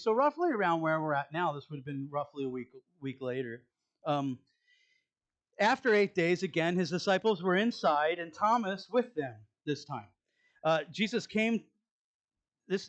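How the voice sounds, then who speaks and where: A man preaching a conversational sermon as pastor, asking the congregation questions and dropping into soft asides. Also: fairly high pitch. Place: church sanctuary.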